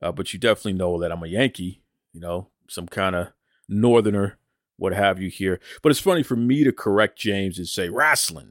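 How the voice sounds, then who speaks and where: A man's voice: on the low side, normal speed, dry recording, studio quality. A man from Boston with a New England accent, hosting a wrestling podcast in an enthusiastic, chatty way. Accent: New England, rhotic. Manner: enthusiastic, chatty, addresses listeners as folks. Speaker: podcast host. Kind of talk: casual podcast monologue with ad read.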